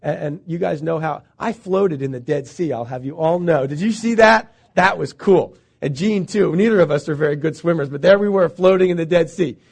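A man's voice: a little high, moderate pace, creaky, hardly any pauses, breathy edge. A male pastor preaching a conversational sermon, asking the congregation questions as he goes.

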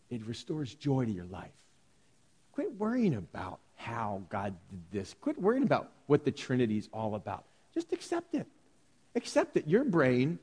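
A man preaching a sermon, moving between lively storytelling and calm Bible teaching to a congregation. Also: medium pitch, husky. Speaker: pastor. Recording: long hall reverb.

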